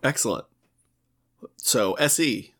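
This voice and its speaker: Halting, self-deprecating male podcast host. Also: medium pitch, expressive, a bit bright, husky. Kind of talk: casual conversational interview.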